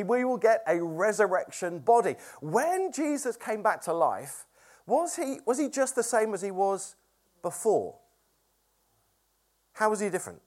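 A man preaching a conversational sermon who asks the congregation questions. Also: high-pitched. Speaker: pastor.

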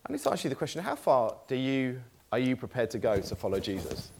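A man's voice: medium pitch, sing-song, fast, vocal fry, darkish tone, slight background noise. A man preaching a sermon in a church, reading scripture aloud in a conversational, lightly self-deprecating way.

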